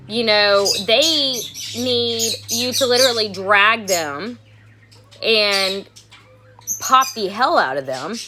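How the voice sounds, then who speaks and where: A woman's voice: mid-range voice, noisy background. Frank woman dog trainer on a livestream. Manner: frank, repeats herself, chatty. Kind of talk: casual livestream chat. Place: home, getting ready for work. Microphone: phone or camera at arm's length.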